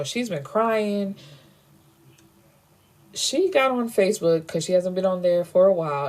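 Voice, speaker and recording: A woman's voice: on the low side, a little mellow. A woman casually retelling a novel's plot, acting out the characters' lines and filling her talk with "you know". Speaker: book reviewer. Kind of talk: casual book recap.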